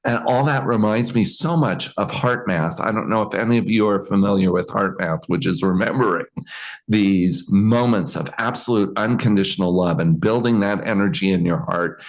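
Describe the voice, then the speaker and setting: A man with a fairly low voice guides a group coaching session over a video call. He speaks reflectively and warmly admiring, often restarting his phrases as he searches for words. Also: moderate pace. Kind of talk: casual group coaching talk.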